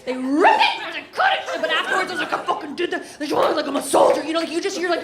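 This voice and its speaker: A woman's voice: high voice, sing-song, fast, hardly any pauses. A woman in her thirties doing a stand-up comedy set on a club stage, brash and profane, laughing through her punchlines. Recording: live club with crowd laughter and noise. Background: audience laughter.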